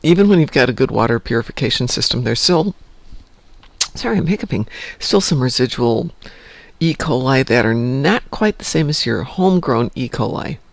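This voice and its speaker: A man's voice: mid-range voice, lively intonation, normal speed, gravelly, no echo. A man hosting a casual morning live stream from home, rambling and joking about his day. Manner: rambling, chatty, self-joking.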